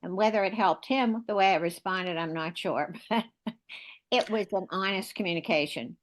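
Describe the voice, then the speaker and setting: Audience woman, ex nurse, tells her story straight, clears her throat some. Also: mid-range voice, normal speed, a little hiss or hum. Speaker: audience member, former nurse. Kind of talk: telling a personal story.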